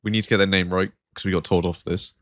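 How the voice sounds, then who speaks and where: A man's voice: low voice, level tone, fast, a bit bright, dry recording. A man hosting a football podcast, talking casually and rambling with frequent fillers. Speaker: podcast host. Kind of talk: casual chat.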